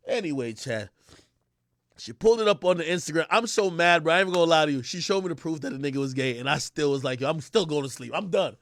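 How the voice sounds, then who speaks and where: A young man telling a story on his livestream, excitable and loud, acting out the voices he quotes. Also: a little high, fast, dry recording, clean studio sound. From Jamaica. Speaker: streamer.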